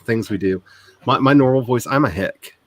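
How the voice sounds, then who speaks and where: A man's voice: medium pitch, moderate pace, no echo. A man from the Ozarks who is an author, hosting a writing stream in a casual, rambling chat. He talks in a neutral voice that is not his natural one and laughs often.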